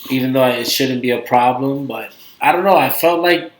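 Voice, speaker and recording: A man's voice: mid-range voice, normal speed. A man with a Brooklyn accent co-hosting a casual podcast, rambling and hesitant, trailing off often. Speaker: podcast co-host. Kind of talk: casual chat. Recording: echoey room.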